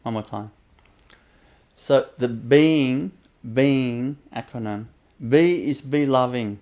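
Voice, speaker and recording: A man as a spiritual teacher, guiding listeners through a meditation practice in a gentle, repetitive way with soft laughs and many fillers, on a webinar. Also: mid-range voice, slow. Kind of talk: guided spiritual talk.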